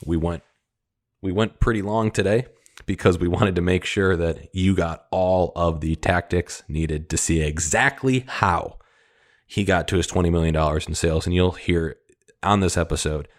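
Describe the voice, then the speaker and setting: A man hosting a podcast, introducing his guest with energetic, hype-building enthusiasm. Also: deep voice. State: out of breath. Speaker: podcast host. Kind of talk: podcast interview.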